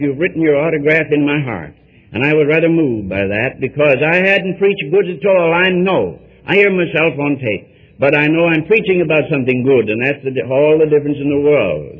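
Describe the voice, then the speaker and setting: An older man preaches in a homely, storytelling way, his voice a little high and husky. The sound is thin and tinny, like an old tape recording. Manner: folksy storytelling, plain-spoken. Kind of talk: sermon.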